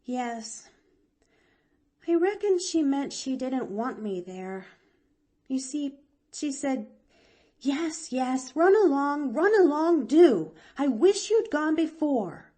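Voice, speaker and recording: A bright, breathless little girl's voice, pitched high and full of exclamations, as a woman reads her in an audiobook. Her delivery swoops up and down. The pace is unhurried. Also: very animated, heavily acted. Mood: eager. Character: eager cheerful young girl.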